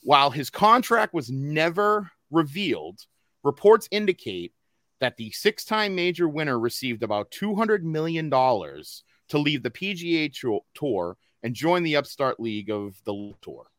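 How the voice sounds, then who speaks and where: A man's voice: a little high, big pitch swings, moderate pace, a bit bright, dry recording. Rambling Boston man hosting, dry sound. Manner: rambling, filler-heavy, restarts sentences. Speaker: podcast host. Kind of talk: casual podcast chat.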